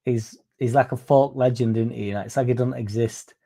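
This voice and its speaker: Gravelly football fan. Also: male voice, mid-range voice, fairly even intonation, normal speed, warm tone. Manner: swears freely, rambles, mocks critics in a raised put-on voice. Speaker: fan channel host reading live chat. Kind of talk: casual livestream chat.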